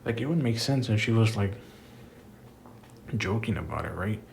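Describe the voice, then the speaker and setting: A young man with a fairly low, creaky, darkish voice rants about wrestling at a moderate pace, his delivery expressive and exasperated. This wrestling commentator vlogger swears heavily and keeps calling the listener "bro," with a little hiss or hum in the background.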